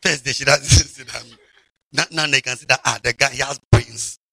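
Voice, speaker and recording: A man preaching a lively sermon as a bishop, mocking and shouting for emphasis. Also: medium pitch, normal speed, vocal fry, husky, no room sound.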